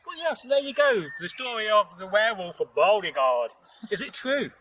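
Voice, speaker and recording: Guy telling a folk tale outside, high bright voice, chatty and rambly, lots of laughs. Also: very animated, moderate pace, a little hiss or hum, low-quality recording. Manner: rambling and chatty, laughs often, jokes with his companion. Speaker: folktale storyteller and channel host. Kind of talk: casual spoken storytelling. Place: outdoors in nature.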